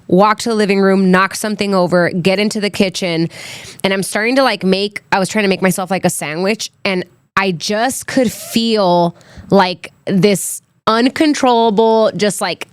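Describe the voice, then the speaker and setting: On her casual solo podcast, a young adult woman chats candidly through a personal story, leaning on "like" and "um." Her voice sits at medium pitch with a clean tone, recorded dry.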